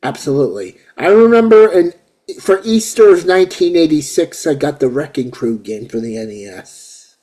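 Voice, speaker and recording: A man in his forties hosts a casual chat in a fairly high voice that rises and falls a lot. He gets excited easily, rambles and repeats himself. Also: moderate pace. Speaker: host.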